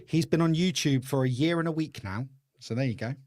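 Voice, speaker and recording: A man's voice: medium pitch, brisk, no room sound, clean studio sound. Chatty English man hosting a live podcast. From England. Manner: chatty, laughs often, shouts out viewers. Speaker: podcast host. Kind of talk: casual live-stream chat.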